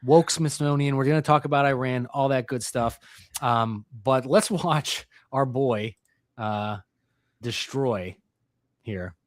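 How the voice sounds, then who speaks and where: A man's voice: medium pitch, slow pace, dry recording, studio quality. A man hosting a live call-in political talk show, joking and mocking with a co-host. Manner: laughing, mocking, lively delivery.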